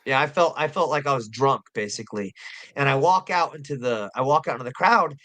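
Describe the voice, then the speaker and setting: Talking a little fast in a sharp, mid-range voice, a man who fights professionally rambles through a story as a podcast guest. He swears a lot and keeps repeating himself in the casual chat.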